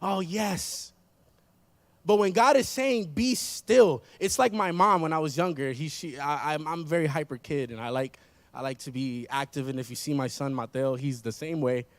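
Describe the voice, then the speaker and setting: A man's voice: a little high, moderate pace, no echo. A man in his thirties preaching a sermon in an emphatic style, building intensity through repeated phrases. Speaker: pastor. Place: church.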